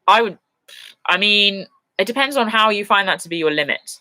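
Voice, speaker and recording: A woman answers viewers' questions in a casual livestream from her sofa at home. She rambles warmly through fillers and false starts and is quick to laugh or tear up. Her voice is bright and forward, and the sound is dry and close with no room echo. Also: medium pitch, animated. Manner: chatty and rambling, with many fillers and restarts; openly emotional and laughs easily. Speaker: host of a live viewer Q&A. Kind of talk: casual live Q&A chat. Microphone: computer mic on a livestream.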